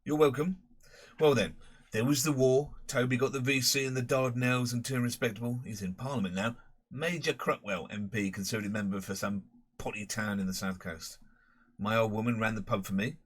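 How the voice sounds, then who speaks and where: A man's voice: medium pitch, steady tone, a little fast, husky, lightly acted. A man voicing a boastful, rambling middle-aged London pub owner and former crook with a Cockney accent.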